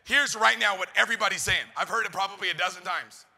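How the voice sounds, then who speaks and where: Pumped-up guy yelling motivation at a crowd, high gravelly voice, big echoey hall. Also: quick pace. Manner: hyped, shouting, call-and-response questions. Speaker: motivational speaker. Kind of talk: high-energy motivational speech to a live audience. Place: large event hall. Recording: hall reverb, live event.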